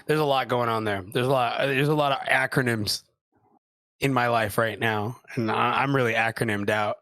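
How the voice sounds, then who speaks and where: A man from the Houston area doing casual live commentary on a card game tournament, excitable and quick to laugh. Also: mid-range voice, no echo, clean studio sound. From Houston area, USA. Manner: excitable, breaks into shouts and laughter.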